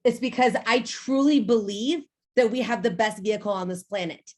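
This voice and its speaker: A woman's voice: on the high side, normal speed. Emphatic woman telling a motivational story. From United States. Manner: emphatic, personal storytelling, addresses the audience directly. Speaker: guest speaker at a sales team training. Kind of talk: motivational team talk.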